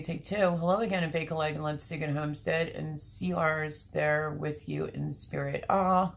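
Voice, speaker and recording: A woman hosting her homestead livestream, chatting casually with viewers, apologetic, emotional and flustered, her voice rough and a little choked up. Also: on the low side. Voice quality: rough, gravelly voice. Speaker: homestead channel host.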